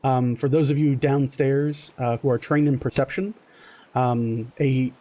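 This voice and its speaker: A man running a tabletop game as game master, narrating in a loose, halting way full of fillers. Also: mid-range voice, fairly even intonation, mellow.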